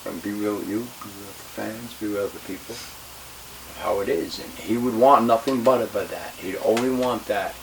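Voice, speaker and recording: Low-voiced man, heated, profane storytelling. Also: moderate pace, creaky. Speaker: retired pro wrestler. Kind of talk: shoot interview storytelling. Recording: distant mic with faint hiss.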